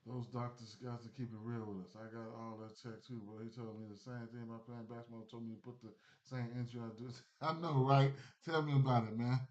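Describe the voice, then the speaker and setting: A man's voice: medium pitch, flat delivery, a little fast, a little mellow. A man chatting casually on a sports betting livestream, rambling loosely with many fillers and restarts. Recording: dull lo-fi stream audio.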